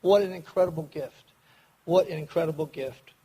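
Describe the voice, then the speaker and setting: A man's voice: fairly high pitch, mellow, slightly rough, rough recording. An older man from Kentucky, telling his recovery story to a meeting audience in an earnest way. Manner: earnest, acts out quoted voices, speeds up and slows down.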